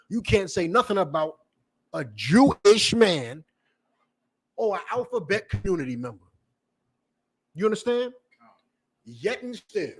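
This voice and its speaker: A man's voice: high-pitched, fairly bright tone, slightly rough. A man giving a fiery, profane preaching lecture, repeating points and questioning his listeners. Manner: emphatic, repetitive, profane; questions the audience directly. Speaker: preacher and teacher.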